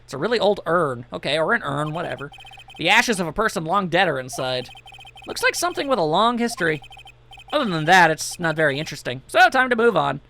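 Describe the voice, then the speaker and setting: A man's voice: on the high side, very animated, brisk, vocal fry, bright, forceful tone, slight background noise. A man giving casual, jokey commentary over a video game, reading the on-screen text aloud. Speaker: let's play commentator.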